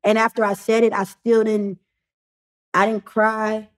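A woman's voice: fairly high pitch, little pitch movement. A young adult woman, a podcast guest, talking in a casual storytelling way, full of fillers and restarts. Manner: halting, many fillers and restarts.

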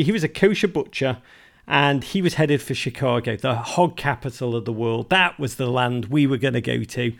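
A man's voice: a little high, gravelly. A man from Liverpool, a guest telling wry, self-mocking family anecdotes in an interview. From Liverpool, England. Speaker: guest, author. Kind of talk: storytelling interview talk.

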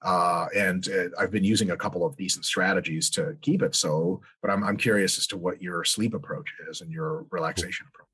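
A man's voice: low voice, steady tone, brisk, few pauses, a bit bright, slightly rough. A man hosting a podcast interview, talking casually with joking, profane asides. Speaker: podcast host.

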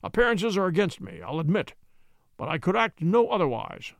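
Male reader doing a bullying baronet, loud and blustering, high and gravelly. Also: big pitch swings, moderate pace, dry recording, exaggerated voice. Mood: grudging. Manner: thundering, blustering. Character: angry burly middle-aged male baronet, bullying.

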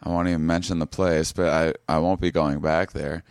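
A man telling a story about a bad comedy club in a halting way, with many restarts, in a casual chat. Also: extremely low pitch, little pitch movement, dry recording. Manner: hesitant, restarts, dry storytelling. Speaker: guest comedian.

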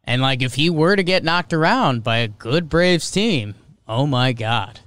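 Casting: young male podcast host, chatty sports takes, smooth clear voice, dry close sound. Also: medium pitch, expressive, fairly bright tone, dry recording. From American North. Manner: chatty, opinionated, quick asides. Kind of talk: casual sports talk.

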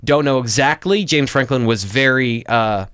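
A man's voice: medium pitch, moderate pace, a bit bright, clear, resonant tone, dry recording, clean studio sound. A man co-hosting a sports talk show, breaking down football tactics in casual chat with frequent restarts. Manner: analytical, frequent restarts and fillers. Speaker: football analyst co-host.

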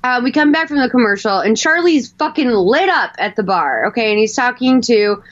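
A woman's voice: on the high side, lively intonation, brisk, highs cut off, a little hiss or hum. A woman co-hosting a podcast, chatting casually and swearing freely with many fillers as she recaps a movie. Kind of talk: casual chat.

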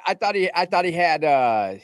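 A man's voice: a little high, very animated, normal speed, no room sound, studio quality. A man from California co-hosting a podcast, easygoing and agreeable in casual chat. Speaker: podcast co-host.

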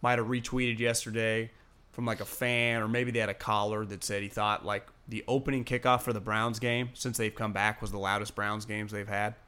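A man's voice: on the low side, little pitch movement, moderate pace, sharp tone, clear, resonant tone. A man co-hosting a casual sports podcast, rambling and swearing freely and laughing between points. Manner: rambling, profane, laughs often.

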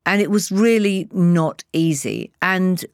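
A woman in her sixties speaks in a low voice, recorded close and dry. She tells candid anecdotes with animation, acting out the other voices in them. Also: takes it slowly, no room sound. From England. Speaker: guest. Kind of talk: candid conversational storytelling.

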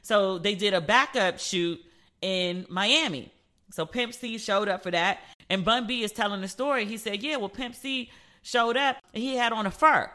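A woman's voice: mid-range voice, moderate pace, bright, forceful tone. A woman hosting a casual solo podcast, telling stories in a playful, chatty way and acting out the voices of the people she quotes. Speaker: podcast host.

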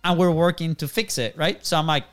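A man in his thirties hosts a relaxed talk show, speaking with a smooth, resonant tone. His voice sits a little higher than most men's. He rambles through his story, restarting phrases and checking in with "right?". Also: fairly quick. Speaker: podcast host. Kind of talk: casual chat.

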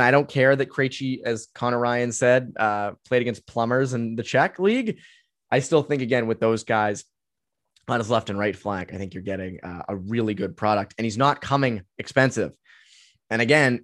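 A man's voice: medium pitch, normal speed, a bit bright, dry recording, clean studio sound. A man in his twenties hosting a solo sports podcast, talking casually and opinionatedly with many fillers as he answers listener questions. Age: 20s. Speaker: podcast host.

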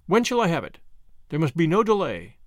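A man voicing a fearful older woman schemer who speaks hoarsely, low and dangerous, in a dramatized storybook reading. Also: huge pitch swings, brisk, no echo, studio quality. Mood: frightened.

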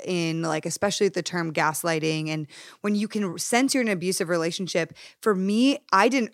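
A woman hosting a podcast who chats casually in an expressive, relatable, animated way. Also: on the low side, vocal fry, no room sound, studio quality. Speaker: podcast host. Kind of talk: casual chat.

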